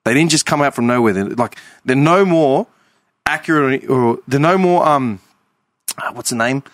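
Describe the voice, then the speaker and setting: A man's voice: medium pitch, moderate pace, no echo, clean studio sound. A man ranting in casual podcast chat, often adding "man" and "right?". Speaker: podcast host.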